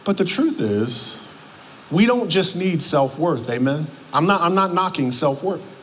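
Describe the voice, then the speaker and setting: A man's voice: on the high side, expressive, measured pace, a bit bright. A man preaching a sermon in a church, emphatic and repeating his words, calling out to the congregation. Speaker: pastor. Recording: long hall reverb, faint ambience.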